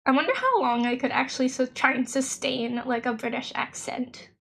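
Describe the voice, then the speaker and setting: A young woman chatting through a game on stream in a high, bright voice. She is giggly and loose, trailing off mid-sentence and circling back to her point. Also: moderate pace, vocal fry, husky. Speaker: vtuber streamer. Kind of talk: casual game stream chat.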